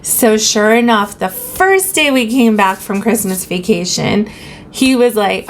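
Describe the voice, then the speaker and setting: A woman's voice: medium pitch, expressive, unhurried, slight background noise. A woman who teaches, telling a personal story casually on her vlog and retelling conversations in her own voice.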